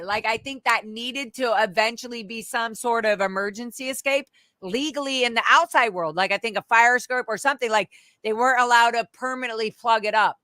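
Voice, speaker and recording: A woman speaks as a guest in a candid, animated conversation, sharing her stories. Her voice sits a little high and rings bright and tense, close and dry with no room around it. She swears freely and slips into acted-out voices when she quotes other people. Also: fairly quick, no room sound.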